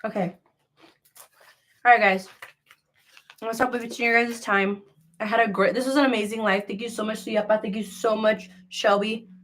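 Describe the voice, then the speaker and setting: A woman's voice: a little high, steady tone, moderate pace, pauses often, fairly bright tone. A young woman hosting a crochet live sale, chatting casually in a rambling, gossipy way full of filler words. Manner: rambling, filler-heavy, with many likes; gossipy and frank. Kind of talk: casual live-stream chat.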